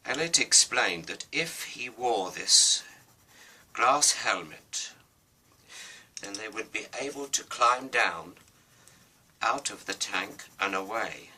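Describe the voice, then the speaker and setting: Slow, playful male storyteller. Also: fairly low pitch, expressive, bright, forceful tone, husky. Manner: playful, rambling, self-aware asides. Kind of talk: improvised storybook narration with character voices.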